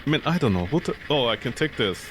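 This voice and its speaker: A man's voice: mid-range voice, big pitch swings, fast talker, fairly bright tone, faint music behind. A man streaming a horror game, rambling and joking as he talks back at it. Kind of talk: let's play commentary.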